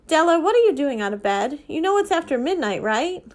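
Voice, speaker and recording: A woman reading aloud and voicing a calm, quiet, tired father in a storybook, speaking gently. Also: high voice, brisk, pitched above the performer's own voice. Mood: gentle. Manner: soft and gentle.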